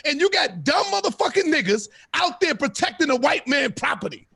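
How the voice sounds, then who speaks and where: A man hosting a live-stream debate, loud, profane and preaching. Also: extremely high pitch, big pitch swings, brisk, vocal fry, dry recording, studio quality. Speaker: host.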